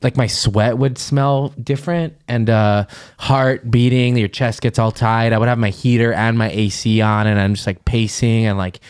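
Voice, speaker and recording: A podcast co-host from the Los Angeles area talks through a personal story in a relaxed, rambling way. His voice is smooth and clear, sitting at an ordinary middle pitch. He wanders and restarts often, with plenty of filler words, sounding candid and unpolished. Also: moderate pace. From Los Angeles area, USA. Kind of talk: casual chat.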